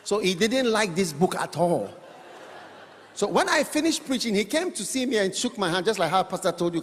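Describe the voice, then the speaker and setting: A man preaching a sermon to a congregation, animated and rhetorical, teasing his listeners with questions. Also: high voice, brisk. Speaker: pastor. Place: church hall. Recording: long church-hall reverb.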